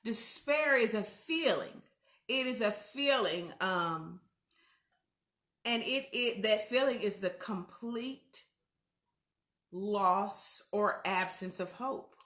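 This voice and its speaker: A woman hosts a casual livestream, talking frankly and warmly to her viewers as "y'all". Her voice is bright and clear. The room around her is echoey. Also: medium pitch, takes it slowly. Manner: candid, chatty, addresses viewers as y'all. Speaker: host.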